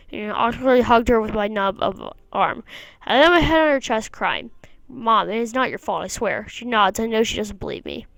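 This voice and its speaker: Woman gamer reading a visual novel aloud, smooth clear voice, dry recording, plain narration with wry asides. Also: on the high side, fairly bright tone, dry recording, low-quality recording.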